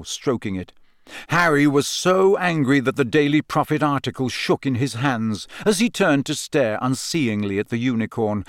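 Man narrating an audiobook, lively delivery. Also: medium pitch, no echo, studio quality.

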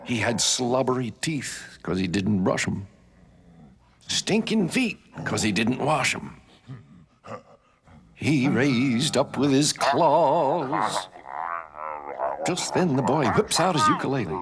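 A man telling a folk tale with animated delivery, sound effects and sudden shouts. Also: medium pitch, slow pace, long pauses, a crowd in the background. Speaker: storyteller. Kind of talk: folk storytelling with banjo. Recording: banjo music under the voice.

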